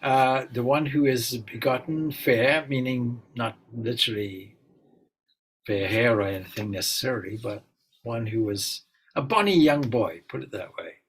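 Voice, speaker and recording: A man, a swami, giving an informal spiritual talk and telling stories in a relaxed, musing way with frequent asides. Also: medium pitch, unhurried, a little hiss or hum, rough recording. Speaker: swami leading a spiritual gathering.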